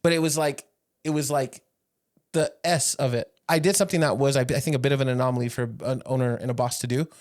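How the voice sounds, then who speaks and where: A young man co-hosting a podcast, telling stories in a casual, animated way, teasing his friend and laughing a lot. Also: mid-range voice, fast talker. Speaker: podcast co-host and business owner. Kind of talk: casual chat.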